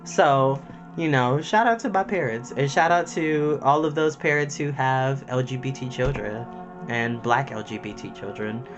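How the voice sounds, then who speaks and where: A man's voice: medium pitch, moderate pace, dull audio, faint music behind. A young man talking to camera as a storytime host, emotional and heartfelt, chatty and full of fillers. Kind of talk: personal talk to camera.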